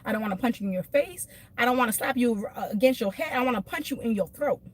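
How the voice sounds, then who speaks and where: A woman with a fairly high voice, venting emphatically to her live-stream viewers. She talks from her car, animated and quick to laugh, calling out viewers by name. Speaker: beauty vlogger doing a live stream.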